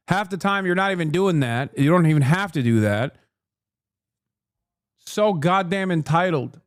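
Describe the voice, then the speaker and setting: A male streamer rants in heated, profane, sarcastic commentary. His voice sits fairly high for a man. The sound is dry and close. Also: clear, resonant tone, dry recording. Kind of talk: live-stream rant commentary.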